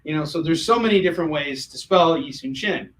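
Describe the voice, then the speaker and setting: An American man hosting a livestream, selling comics and chatting casually in an animated, jokey way with many fillers and restarts. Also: a little high, brisk, slight background noise, low-quality recording.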